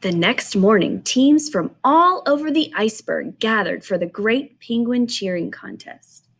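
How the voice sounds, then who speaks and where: A woman who teaches, reading a picture book aloud to children and gently asking them questions about it. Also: a little high, lively intonation, a little slow, gravelly.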